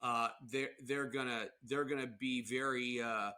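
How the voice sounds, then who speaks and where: A man's voice: mid-range voice, fairly even intonation, measured pace, sharp tone. A man co-hosting a podcast in casual, rambling chat, often breaking into silly put-on voices. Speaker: podcast co-host.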